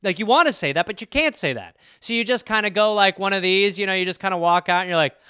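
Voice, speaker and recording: A man with a high, bright voice riffs through a solo comedy podcast. He rambles and swears freely, slipping into quick voices to act out little scenes. His tone stays smooth and clear, recorded close and dry. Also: dry recording.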